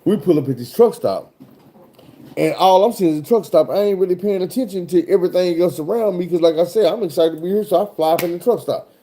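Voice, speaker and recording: A man tells a road story from his trucking life, swearing freely and talking in an animated, loose way. His voice is very dark and mellow, with a relaxed, heavy warmth. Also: high-pitched, fast talker. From Arkansas, USA. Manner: animated, profane, swears often. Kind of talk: casual profane storytelling.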